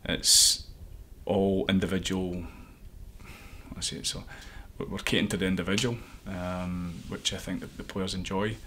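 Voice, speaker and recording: A man's voice: low voice, little pitch movement, moderate pace, fairly bright tone, a little hiss or hum. A man, an assistant football coach, giving earnest interview answers and thinking aloud with frequent restarts.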